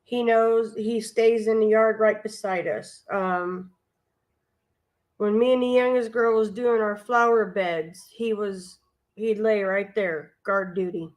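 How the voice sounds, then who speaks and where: A woman's voice: medium pitch, fairly even intonation, slow pace, darkish tone. A woman hosting a live stream, chatting casually in a rambling, homespun way with many asides. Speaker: vlogger and live stream host. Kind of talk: casual storytelling chat.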